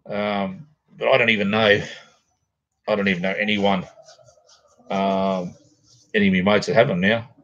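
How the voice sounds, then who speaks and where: A man's voice: lowish voice, level tone, moderate pace, long pauses, a bit bright, lo-fi sound. A middle-aged Australian man rambling casually to viewers while hosting a livestream from home. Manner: rambling, laid-back, chatty with viewers. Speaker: livestream host. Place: home, near a garage.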